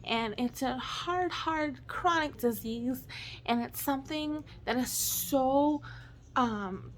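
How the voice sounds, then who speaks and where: Woman vlogger, thirties, tearful, halting, apologetic, slightly high voice. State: tearful, choking up. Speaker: vlogger, stay-at-home mom. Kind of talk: emotional personal vlog.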